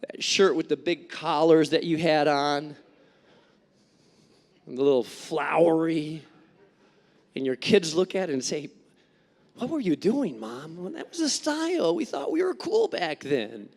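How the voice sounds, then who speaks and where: A man preaching a sermon as a pastor, telling stories in an animated way and acting out the voices of people in them. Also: fairly high pitch, a little slow, vocal fry, long reverb tail. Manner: animated storytelling with acted-out quotes. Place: church sanctuary.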